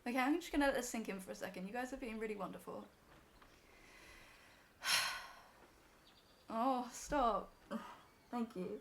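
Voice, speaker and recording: A woman's voice: on the high side, moderate pace, gravelly, pauses often, background noise. A young woman on a live stream, emotional and teary as she talks to her chat from home.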